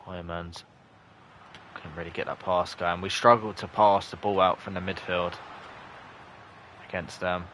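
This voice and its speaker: A young man, streaming live, commenting on the match and chatting with viewers, breaking into shouts at close chances. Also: deep voice, level tone, measured pace, pauses often, a little hiss or hum. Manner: chatty, bursts into shouts at near misses. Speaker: gaming streamer. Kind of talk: live gameplay commentary and chat reading.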